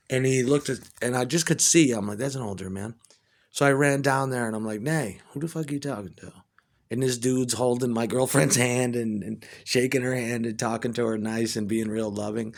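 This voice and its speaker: Male musician, mid-pitched, swearing and rambling through a casual anecdote. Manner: profane, rambling, excitable when retelling. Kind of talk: casual storytelling monologue.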